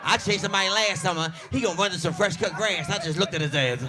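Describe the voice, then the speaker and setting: A man performing a stand-up comedy routine, telling animated, crude stories. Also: sits high, quick pace, noisy background. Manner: animated, crude, punchy storytelling. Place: comedy stage before an audience. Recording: live audience laughing.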